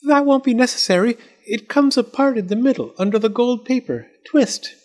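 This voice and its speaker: A man's voice: very high-pitched, moderate pace, a little mellow, voice pushed up. A man voicing Zenobia, a prim old-fashioned doll. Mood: instructive. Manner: formal, ceremonious, faintly melancholy. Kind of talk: storybook read-aloud.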